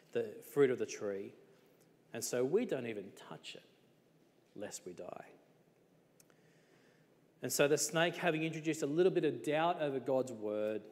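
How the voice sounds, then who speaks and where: A man preaching a sermon in a relaxed, conversational way, with many rhetorical questions. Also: mid-range voice, big-room sound.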